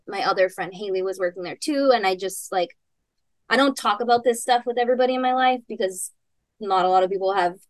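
A woman's voice: mid-range voice, no room sound. A young woman podcast host telling a personal story in casual chat, rambling with lots of fillers and little laughs.

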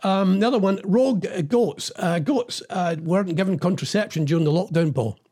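A man co-hosting a casual chat over a video call, running quiz games and talking haltingly with lots of fillers. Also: sits high, mellow. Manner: chatty, halting with many fillers. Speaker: co-host.

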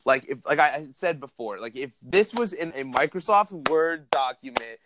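A man's voice: a little high, lively intonation, normal speed, background noise. A man telling a profane story on a comedy podcast, laughing through it.

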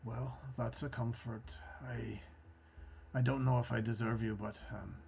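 Man playing a gravelly, halting warrior. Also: mid-range voice, fairly even intonation, a little mellow, lo-fi sound, slight background noise. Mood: humble. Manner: halting, earnest, hesitant. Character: Ruthos, a haunted male warrior hunting his brother.

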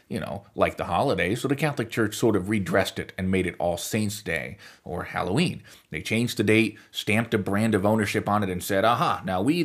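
A man with a low, somewhat husky voice hosts a podcast and talks through a prepared script. His pitch swings widely as he stresses points, and he slips in wry, sarcastic asides along the way. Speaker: podcast host.

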